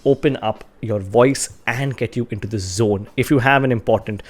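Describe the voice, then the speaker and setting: A man's voice: medium pitch, moderate pace. A man explaining voice exercises in an earnest, instructional way, stressing key words. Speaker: communication coach.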